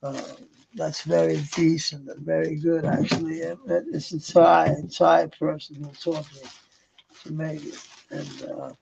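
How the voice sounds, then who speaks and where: A man's voice: on the high side, level tone, unhurried, creaky, background noise. A man, rambling in a casual live chat with viewers, swearing often and laughing at comments. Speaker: livestreamer. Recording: muffled lo-fi stream audio.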